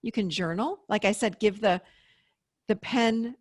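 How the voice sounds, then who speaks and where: A woman in her fifties, a therapist, explaining in an animated way during an interview. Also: mid-range voice, a little slow, no room sound, clean studio sound. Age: 50s. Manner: animated, explaining with acted-out inner voices. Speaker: therapist and podcast guest. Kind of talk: interview conversation.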